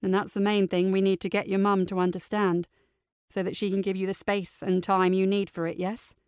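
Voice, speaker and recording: A woman voicing a calm, caring aunt, speaking low and gently in an audiobook. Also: a little fast, clear, resonant tone, dry recording, clean studio sound, close to an everyday voice. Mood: soothing. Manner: low and soothing. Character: calm, caring aunt comforting her niece.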